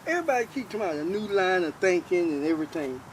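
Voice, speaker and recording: A man's voice: high-pitched, big pitch swings, rapid-fire, a little hiss or hum, poor audio. An older man giving an earnest, informal testimony about faith, repeating himself as he preaches.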